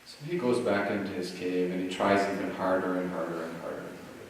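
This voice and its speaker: A man giving a dharma talk, telling a teaching story in a relaxed way with many "you know"s and "like"s, recorded in a retreat hall. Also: low-pitched, fast, slight background noise. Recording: echoey hall, mic at a distance, faint ambience.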